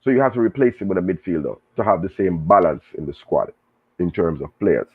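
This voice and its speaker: A man with a Jamaican accent chatting casually about football, animated and full of patois banter. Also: deep voice, a little fast, slightly rough. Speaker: show guest and pundit. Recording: tinny phone line.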